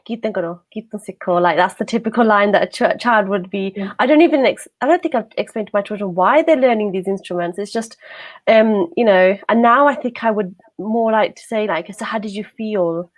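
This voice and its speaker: A woman's voice: mid-range voice, a little fast. British woman, co-host, reflective, hesitant, casual chat.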